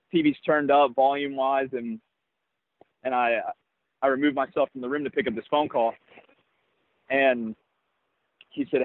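A young adult man, a baseball player, telling a personal story in an interview in an earnest, reflective way with halting restarts. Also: mid-range voice, no echo. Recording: tinny phone-like, dry sound.

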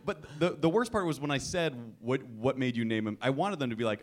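A man's voice: mid-range voice, animated, fast, few pauses. Laughing man telling a pet story. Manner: self-deprecating, laughing storyteller. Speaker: panelist. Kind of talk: casual chat.

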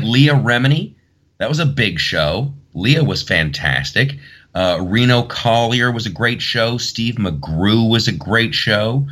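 A man's voice: lowish voice, a bit bright. A man hosting his podcast, talking casually and rambling aloud as he thinks, often restarting sentences. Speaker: podcast host. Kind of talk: casual solo podcast talk.

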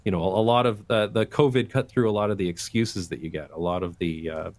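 A man's voice: deep voice, fairly even intonation, fairly quick, darkish tone, no room sound. A man, a guest on an interview, talking at length in a casual, chatty way with frequent restarts. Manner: talkative, explains at length with many restarts. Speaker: guest, urban design YouTuber.

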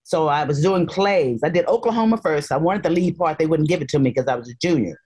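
A woman from North Carolina, a guest telling lively stories in a casual interview and quoting people in voices. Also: low-pitched, quick pace, breathy edge. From North Carolina, USA. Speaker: guest actress.

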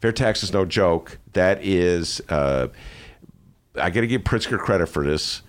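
A man's voice: low-pitched, unhurried. A man hosting a radio-style podcast, chatting casually with wry jokes. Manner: joking, animated, wry asides. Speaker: podcast host. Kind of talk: casual radio show chat.

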